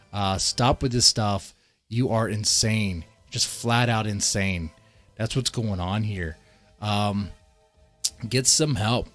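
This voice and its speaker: A man streaming live, reacting to a video in a heated, profane rant and often repeating himself and restarting sentences. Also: medium pitch.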